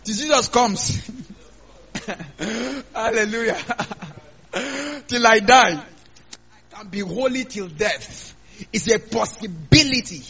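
A man's voice: high voice, expressive, slow, pauses often, a bit bright, slightly rough. A man preaching a sermon, emphatic and calling out to the congregation to answer him. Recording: dull, lo-fi recording.

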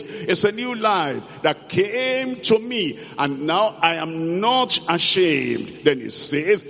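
A man preaching a sermon, slow and emphatic, repeating key phrases and reading scripture aloud. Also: on the high side, a bit bright. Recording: long hall reverb.

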